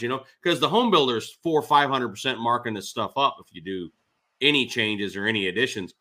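A man chatting casually as an interview guest, an animated storyteller who laughs often. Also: medium pitch, moderate pace. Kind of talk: casual chat.

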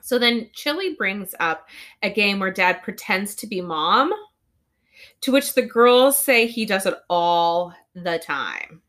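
A woman podcast co-host from Southern California, a parent, chatting casually and quickly about a cartoon episode. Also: medium pitch. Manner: chatty, animated, quick retelling with acted-out quotes. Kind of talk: casual chat recapping a cartoon.

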